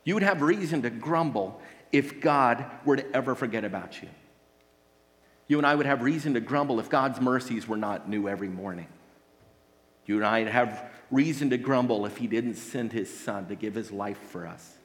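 Male pastor preaching, earnest and emphatic, lots of rhetorical questions, average pitch, long hall echo. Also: moderate pace. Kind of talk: sermon.

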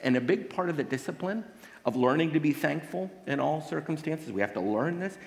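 A man's voice: a little high, animated, a little fast, creaky. A man preaching a sermon as pastor, earnest and emphatic, asking the congregation rhetorical questions. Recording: long hall reverb.

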